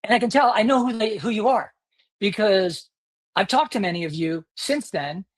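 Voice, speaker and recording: A man's voice: high-pitched, normal speed. A man hosting his own podcast, delivering an indignant, sarcastic solo rant. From United States. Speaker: podcast host.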